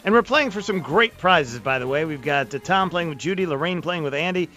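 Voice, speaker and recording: A man's voice: fairly high pitch, lively intonation, brisk, bright, forceful tone, faint music behind. A man hosting a radio quiz game, joking and rambling through prize reads. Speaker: radio show host.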